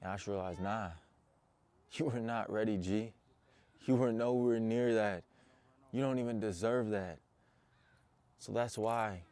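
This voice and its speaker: Deep-voiced and darkish in tone, a young man who works as a motivational coach addresses viewers directly, earnest and intense. The recording is dry.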